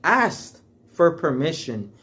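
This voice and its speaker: A man with a somewhat high voice leads a casual Bible study. He reads scripture with a lifted, declaiming tone, then drops into easygoing slang to explain it. He keeps checking in with listeners by asking "all right?". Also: slow pace. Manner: reads scripture aloud in a raised voice, then paraphrases it in relaxed slang. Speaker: Bible teacher.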